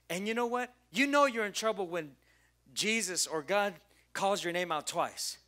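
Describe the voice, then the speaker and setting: A man preaching a sermon as pastor, telling the story with drama and acting out its people, swinging between loud emphasis and hushed lines. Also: sits high, animated, moderate pace.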